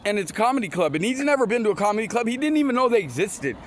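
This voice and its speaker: Rambling high-voiced man telling stories. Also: big pitch swings, very fast, a little hiss or hum. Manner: rambling, repeats words and restarts often; mixes in scripture quotes. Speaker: motivational storyteller. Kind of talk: casual motivational storytelling.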